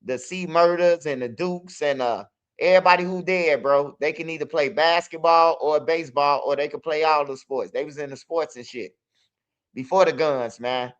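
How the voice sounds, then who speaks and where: A man's voice: a little high, moderate pace, fairly bright tone, clear, resonant tone, highs cut off. Casual young man, raised voice, loose streetwise storytelling. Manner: streetwise, loose, peppers talk with "bro" and "you hear me". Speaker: channel host.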